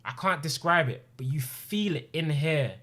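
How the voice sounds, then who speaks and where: A man's voice: fairly high pitch, expressive, normal speed, pushed and bright. A man in his twenties talking on stream, earnest and impassioned, repeating phrases for emphasis. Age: 20s. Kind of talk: emotional personal talk on stream. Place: home streaming room.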